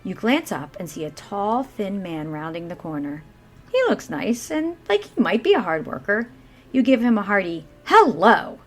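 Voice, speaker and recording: Woman reading a kids bible story, super animated, talks right to you, quiet music behind. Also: mid-range voice, moderate pace. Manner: lively, addresses listener as you. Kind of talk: scripted narration for children.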